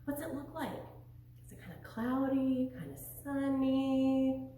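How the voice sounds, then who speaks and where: A woman teaching an online preschool lesson, encouraging and animated, with a sing-song delivery, in a very echoey room away from the mic. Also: high voice, unhurried, far from the mic, slight background noise.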